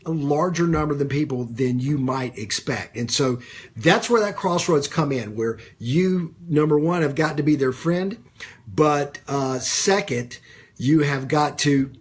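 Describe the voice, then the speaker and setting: A man giving a live-streamed business coaching talk, conversational, with many fillers and repeated phrases, pausing to greet viewers by name. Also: a little high, lively intonation, slightly rough.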